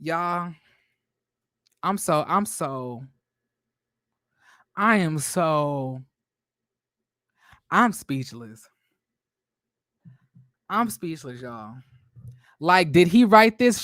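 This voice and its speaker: A man hosting a gossip commentary channel, talking in a brash, profane, theatrical way with drawn-out exclamations. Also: high-pitched, fairly bright tone, no room sound, clean studio sound.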